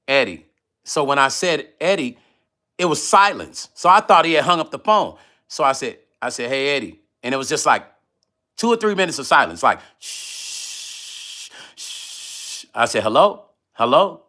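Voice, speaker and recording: Bright-voiced man telling a story. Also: medium pitch. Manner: animated, profane, acts out phone calls. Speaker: musician vlogger. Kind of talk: casual storytelling vlog.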